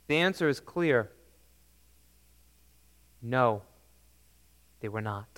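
A man preaching a sermon emphatically, swinging between loud declarations and soft, low lines. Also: lively intonation, extremely slow, clean tone, long reverb tail.

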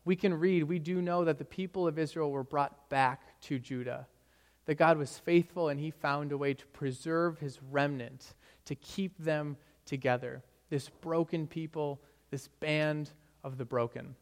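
A man preaching a sermon in an earnest manner, rising for emphasis and dropping low on key phrases. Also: fairly even intonation, measured pace, in a large hall. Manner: earnest, rising and falling emphasis, occasional stumbles. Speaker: pastor.

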